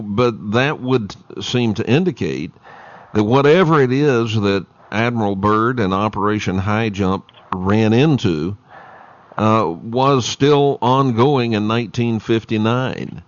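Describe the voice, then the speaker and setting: This is a man hosting an interview. He speaks slowly and haltingly, with many pauses and fillers, in a lowish voice. The sound is dry and dull, like an old lo-fi recording. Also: no room sound. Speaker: radio show host. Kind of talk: interview questions. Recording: dull lo-fi audio.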